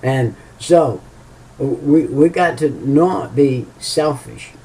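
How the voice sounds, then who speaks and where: A man preaching informally, halting with many fillers and restarts, and repeating key phrases for emphasis. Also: mid-range voice, dark tone. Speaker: lay preacher. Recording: voice a bit far from the mic.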